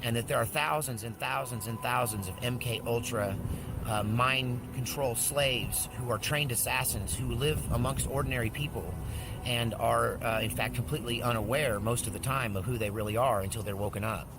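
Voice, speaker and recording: A man's voice: medium pitch, normal speed, creaky, noisy background. A man telling a long story in a casual, rambling way, acting out the dialogue he quotes. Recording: speech with music underneath.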